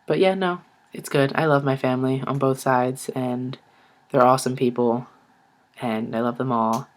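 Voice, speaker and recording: In a casual video, a young vlogger relaxedly tells a story from his own life at normal speed and an ordinary middle pitch. He's chatty, saying "like" and "I was like" constantly, and acts out other people's lines as he goes.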